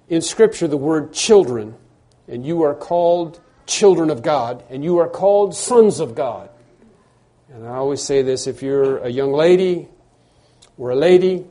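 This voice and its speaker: A man's voice: a little high, dark tone. A man preaching a sermon, earnest, often repeating words as he builds to emphatic phrases.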